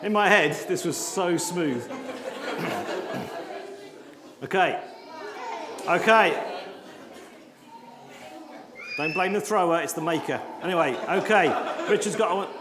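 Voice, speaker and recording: A man leading a lively all-age church talk with props, coaxing children along and joking at his own expense. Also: high voice, slow, pauses often, crowd noise, noisy background. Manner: jokey, self-deprecating, coaxing children. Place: large church hall. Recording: echoey church hall with congregation.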